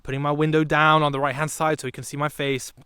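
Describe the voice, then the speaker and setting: A young British man narrates a comic storytime vlog in a lively, animated way, jumping into sudden loud bursts. His voice sits a little high for a man. The sound is dry, with no room around it. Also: fast talker, clean tone, no room sound. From Britain. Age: young adult. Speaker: vlogger.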